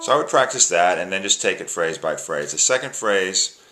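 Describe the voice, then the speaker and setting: A man with a very low voice gives a relaxed music lesson, counting the beat out loud and walking through the tune phrase by phrase. A plucked string instrument plays loudly around his talk. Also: moderate pace. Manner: counts beats aloud, breaks tunes into phrases. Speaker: music teacher. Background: plucked string instrument playing.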